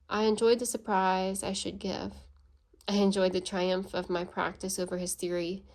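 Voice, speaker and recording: Reading a classic novel as an audiobook, this medium-pitched female narrator keeps her delivery steady and evenly paced.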